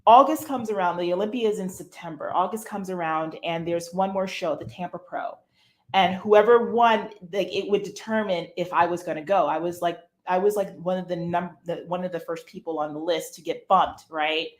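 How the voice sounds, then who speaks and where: A woman being interviewed as a guest, telling her story in a lively, expressive, conversational way. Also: on the low side, normal speed.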